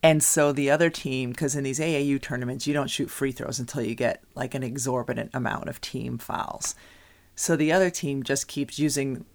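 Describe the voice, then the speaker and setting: Chatty woman with a gravelly voice. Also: very deep voice, normal speed. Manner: animated storyteller, laughs often, many restarts. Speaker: podcast co-host, youth basketball coach. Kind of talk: casual chat.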